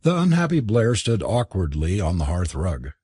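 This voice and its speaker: A man's voice: low voice, huge pitch swings, normal speed, mellow, breathy edge, no echo, clean studio sound. A man narrating an audiobook, telling the story expressively and switching into voices for the characters.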